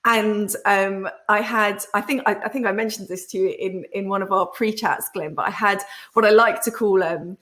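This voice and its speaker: A woman in the middle of her speaking range tells her story candidly as an interview guest. She is animated and acts out remembered conversations. She restarts her sentences often and fills pauses with "um". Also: medium pitch. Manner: frequent fillers and restarts. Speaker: podcast guest, entrepreneur.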